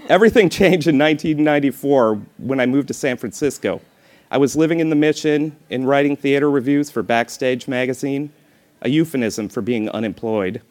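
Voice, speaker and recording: A man's voice: mid-range voice, a little fast, a little mellow. A man reading a memoir aloud in a dry, wry manner, breaking off now and then for playful off-the-cuff remarks.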